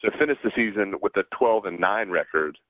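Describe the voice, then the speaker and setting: Middle-aged Southern man, interview guest, halting storyteller, low voice over a tinny line. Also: dry recording. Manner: halting, many restarts and fillers. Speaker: guest, former pro pitcher. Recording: dry, tinny phone-like line.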